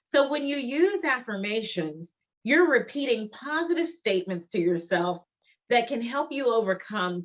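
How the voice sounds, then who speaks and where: A middle-aged woman giving a motivational conference talk, emphatic and deliberate, repeating her key phrases. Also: mid-range voice. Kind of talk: motivational presentation. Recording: dull lo-fi recording.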